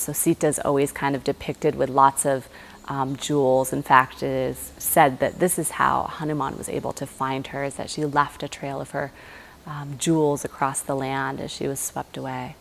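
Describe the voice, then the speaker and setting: Soft-spoken, low-voiced woman yoga teacher. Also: fairly even intonation, vocal fry. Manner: soft-spoken and unhurried, with fillers like um and you know. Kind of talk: storytelling during a guided yoga class.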